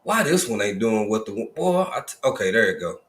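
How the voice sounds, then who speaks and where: A man's voice: on the low side, sing-song, fairly quick, echoey room. A man hosting a casual livestream, greeting viewers one by one in a folksy, easygoing manner. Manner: folksy, drawling Southern Black vernacular, repeated greetings. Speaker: livestream host.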